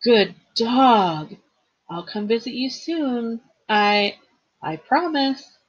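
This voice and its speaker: A brave, bossy teenage girl, voiced by a woman reading a storybook aloud, husky and firm, giving orders as if training a dog. The lo-fi recording softens her a little. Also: a little high, animated, drawn-out words, voice pushed up, exaggerated voice. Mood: tender.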